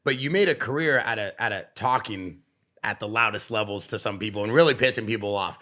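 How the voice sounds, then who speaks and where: A man's voice: lowish voice, a little fast, pushed and bright. A man hosting a podcast, asking questions and heaping praise on his guest. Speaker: podcast host. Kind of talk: interview questions.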